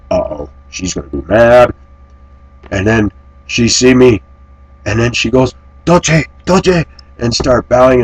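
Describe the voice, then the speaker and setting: American man, husky voice, lowish pitch, rambling casual storytelling vlog. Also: dry recording, rough recording. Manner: rambling, conversational, animated anecdotes. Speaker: vlogger.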